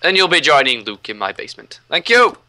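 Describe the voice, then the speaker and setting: A young man, hosting a casual gaming chat and telling stories in an animated, ranting way. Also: mid-range voice, quick pace. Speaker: host.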